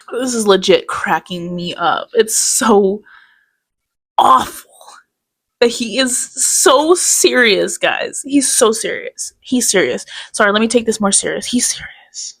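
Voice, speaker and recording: A woman's voice: mid-range voice, fairly bright tone. A woman hosting a casual reaction commentary, chatty and sarcastic, often breaking into laughter. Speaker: commentary channel host.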